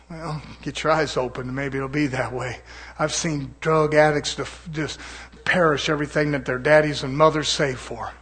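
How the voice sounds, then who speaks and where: A man's voice: on the high side, steady tone, normal speed, a bit bright. A man preaching a sermon in an impassioned, folksy way, firing off rhetorical questions.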